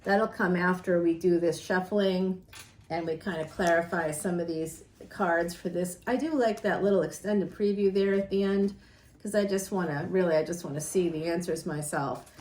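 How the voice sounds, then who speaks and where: A woman's voice: fairly low pitch, normal speed, darkish tone. Chatty woman in an echoey room. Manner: chatty and rambling, laughs often, addresses viewers directly. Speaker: tarot reader. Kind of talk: casual tarot reading chat.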